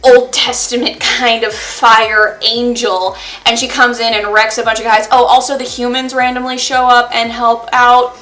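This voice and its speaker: A woman giving a casual book review, chatty and sarcastic, retelling a plot with quick asides and mock-dramatic quotes. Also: on the high side, flat delivery, fairly bright tone, reverberant.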